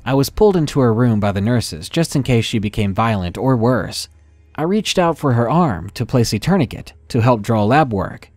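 A man reading a first-person horror story in a measured, dramatic narration style. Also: medium pitch, expressive, darkish tone, no echo.

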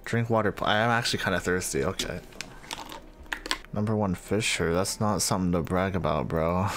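A man's voice: on the low side, fairly bright tone, slight background noise. A man casually reading out and reacting to fan comments, joking and easily amused. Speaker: gaming video creator.

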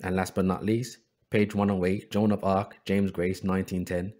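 Low, mellow-voiced man reading aloud. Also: moderate pace. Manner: reads passages in an even voice, then adds sarcastic asides. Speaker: history channel host. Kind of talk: commentary reading book excerpts aloud.

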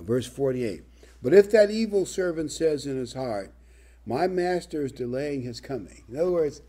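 A man delivering a sermon with a husky, slightly breathy voice and a dark, mellow timbre. He reads scripture and drives his points home with emphatic, lively preaching. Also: mid-range voice.

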